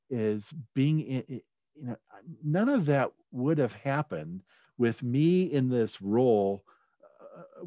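A man's voice: medium pitch, warm tone, dry recording. A middle-aged man telling a personal story in a conversational way, with many fillers and restarts. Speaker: speaker at a leadership talk.

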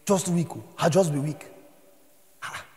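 A Nigerian man preaching a sermon as pastor, moving between quiet storytelling and shouted exhortation. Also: a little high, a little slow, big-room sound.

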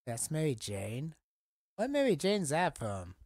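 A man in a casual collecting vlog, talking haltingly and getting choked up, rambling with many fillers. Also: a little high, wildly swooping pitch, a little mellow, dry recording, clean studio sound. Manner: halting, emotional, choked up at times. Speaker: collector vlogger.

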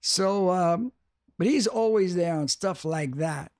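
A man's voice: sits high, slow, a little mellow, no room sound, studio quality. Older man, rambling and emphatic. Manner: rambling, restarts, emphatic repetition. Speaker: guest. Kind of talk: casual interview talk.

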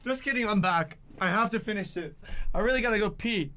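A man hosting a casual reaction video, chatty and excitable, reading a creepy chat story aloud and reacting. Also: high-pitched, fairly quick, music in the background. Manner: excitable, jumpy, chatty with many "like"s. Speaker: YouTube reaction host.

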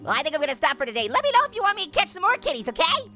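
A man voicing a wisecracking male cartoon orange who plays a game, cracking puns and giggling nonstop in a squeaky, high voice. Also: sing-song, rapid-fire, loud music behind the voice. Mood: giddy, teasing. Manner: nonstop puns and cackling laughter. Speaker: gaming host. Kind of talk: gaming commentary.

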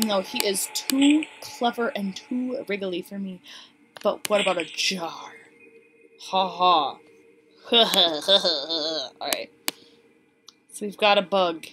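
A woman giving casual, excitable commentary on a game she is playing, chatting to her viewers. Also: mid-range voice. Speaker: let's play gamer. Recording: steady background noise.

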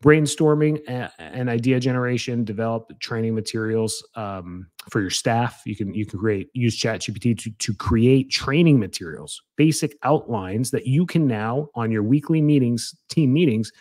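A man's voice: mid-range voice, normal speed, few pauses, darkish tone, dry recording. A man hosting a podcast as a chiropractor, talking casually and energetically, rambling with restarts and fillers.

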